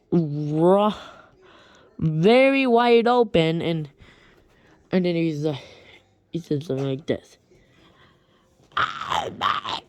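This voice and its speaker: Woman storyteller, slow and halting, stumbles through a retold creepy tale. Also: lowish voice, smooth. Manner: hesitant, halting, many restarts. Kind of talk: rambling horror story retelling.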